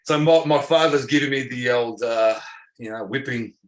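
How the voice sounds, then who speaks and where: A man in his forties with an Australian accent, a former footballer telling an animated story in conversation and acting out what others said. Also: mid-range voice, moderate pace. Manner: animated storyteller who acts out dialogue and laughs often.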